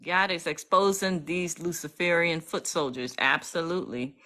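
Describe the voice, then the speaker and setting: A woman from the US East Coast, talking casually to viewers on a phone live stream in an emphatic, repetitive, excitable way. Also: fairly low pitch, moderate pace. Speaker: legal activist streaming live.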